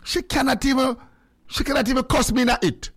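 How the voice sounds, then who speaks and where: A man's voice: very high-pitched, fairly quick, breathy edge. A man with a Jamaican accent hosting a radio chat, mixing English and patois and giving advice. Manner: lively, switching between English and patois, preachy. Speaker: radio host. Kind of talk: casual chat.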